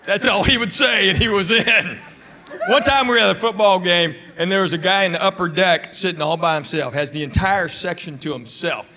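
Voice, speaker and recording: High-voiced male stand-up comic in a hall. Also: a little fast, pushed and bright. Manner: storytelling with acted-out quotes, laughing along. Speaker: stand-up comedian. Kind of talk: stand-up comedy routine. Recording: live hall recording with audience noise.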